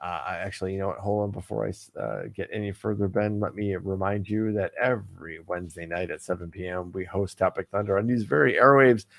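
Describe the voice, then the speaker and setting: A man's voice: low-pitched, a little fast, vocal fry, hardly any pauses, a bit bright. A man co-hosting a casual online talk show, reading a news story aloud with hammy jokes, stumbles and asides. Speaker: podcast co-host.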